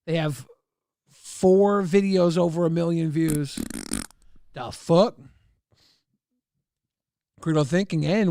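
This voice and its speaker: A man streaming live, chatting casually and reacting to videos with excitable, profane outbursts. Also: fairly high pitch, takes it slowly, long pauses, dry recording, studio quality.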